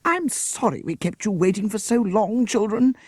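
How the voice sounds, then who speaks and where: A man's voice: high-pitched, moderate pace, no echo, studio quality, pitched above the performer's own voice. A man voicing a fussy, flustered schoolteacher woman who talks breathlessly and primly. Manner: breathless, cold and prim.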